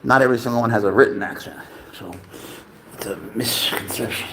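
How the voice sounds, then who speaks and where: Guy with a gravelly voice rambling on a live stream at home, baby talk to his pet, swears a lot, faint noise behind. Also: medium pitch, a little fast, fairly bright tone. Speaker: teacher. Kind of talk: casual live stream chat.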